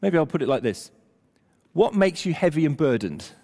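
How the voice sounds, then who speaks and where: An older man preaching a sermon, emphatic, at times dropping almost to a hush. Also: on the high side, normal speed, gravelly. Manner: animated, emphatic preaching with dramatic drops to near-whisper. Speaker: pastor. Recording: long hall reverb.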